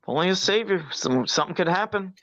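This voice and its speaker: A man's voice: high-pitched, expressive, fast talker, fairly bright tone, no room sound. A man co-hosting a podcast, sarcastic in casual chat about a comic, swearing freely. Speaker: podcast co-host. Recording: dull lo-fi dry mic.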